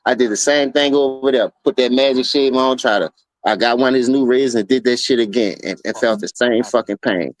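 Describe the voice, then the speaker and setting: A man's voice: medium pitch, a little fast, no echo. Profane, rambling man on a dry mic. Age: adult, calls himself an OG. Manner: loose, profane storytelling with slang and repeated "you feel me". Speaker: livestream basketball talk host. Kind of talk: casual sports debate chat.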